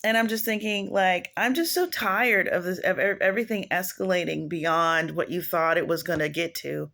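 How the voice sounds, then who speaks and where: A woman's voice: on the low side, normal speed, creaky, a bit bright. A woman preaching casually in a home video, rambling and digressive, often restarting her sentences. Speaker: online prophetess.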